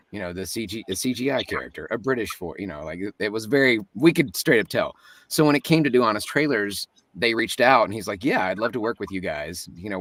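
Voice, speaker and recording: A man's voice: on the low side, fairly bright tone, no room sound, distant mic. A man, a voice actor, talking as a guest in a casual interview, chatty and joking, often laughing.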